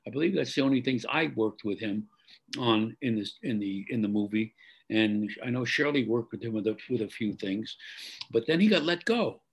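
Older man telling stories, husky and halting. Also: medium pitch, animated, rough recording. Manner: halting, many fillers and restarts, clears throat. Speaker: actor guest. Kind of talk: interview storytelling.

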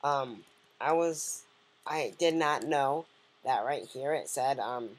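A woman's voice: a bass voice, slow pace. A woman giving casual, joking let's-play commentary and chatting to the game's characters. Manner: joking, rambling, talks to game characters.

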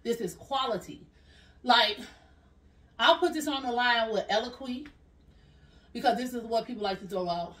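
Lively woman chatting through a haul. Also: a little high, normal speed, pauses often, recorded from a distance. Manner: animated, laughs often, swears casually. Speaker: fashion haul vlogger. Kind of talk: casual haul chat.

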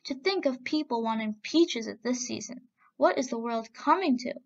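An old juggler who answers his masters earnestly and mutters complaints, as a woman reads him. The voice is a little high and gravelly. The recording sounds muffled and lo-fi. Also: expressive, normal speed. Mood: grumbling. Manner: earnest, grumbling. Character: old male juggler, humble but boastful. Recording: dull lo-fi recording.

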